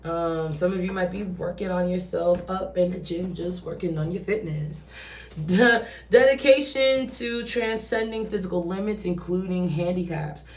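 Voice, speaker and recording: A woman's voice: on the low side, moderate pace. A woman giving a casual, chatty tarot reading who swears and acts out quoted voices. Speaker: tarot reader. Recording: roomy echo, distant from mic.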